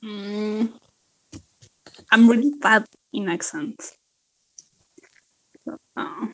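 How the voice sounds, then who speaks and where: Slow, hesitant woman guest. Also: medium pitch, steady tone, fairly bright tone, rough recording. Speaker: podcast guest. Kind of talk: casual podcast chat.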